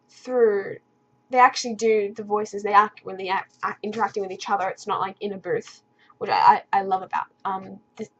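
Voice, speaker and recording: A woman's voice: mid-range voice, husky, muffled recording. A woman gaming vlogger in casual commentary, rambling enthusiastically with many fillers.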